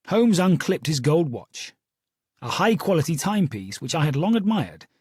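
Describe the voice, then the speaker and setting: A man reads a first-person story in a steady storytelling manner. His voice is husky and fairly high, with a lively rise and fall, and the recording is close and dry. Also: no room sound. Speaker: audiobook narrator. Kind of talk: first-person audiobook narration.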